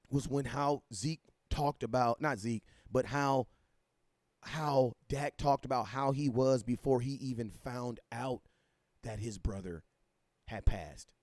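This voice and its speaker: A man hosting a casual sports livestream, talking animatedly, repeating himself and giving shout-outs to viewers. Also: mid-range voice, dry recording, clean studio sound. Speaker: livestream host.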